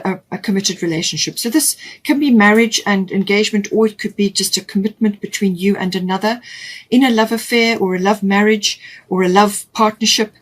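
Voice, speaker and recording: Husky woman giving a tarot reading. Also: medium pitch. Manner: hesitant, many fillers and restarts. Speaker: tarot reader.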